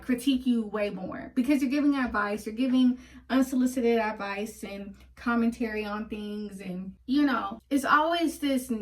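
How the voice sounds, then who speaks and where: A woman vlogging a casual monologue to her viewers, blunt and profane as she rants heatedly. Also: a little high. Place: home in Atlanta. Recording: voice a bit far from the mic.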